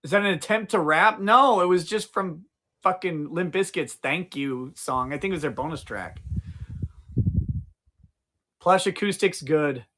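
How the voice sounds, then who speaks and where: A man's voice: high voice, unhurried, long pauses, noisy background. A man in his forties hosting a casual livestream outdoors, rambling, swearing freely and answering his chat. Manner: profane, rambling, talks to chat. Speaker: livestream host.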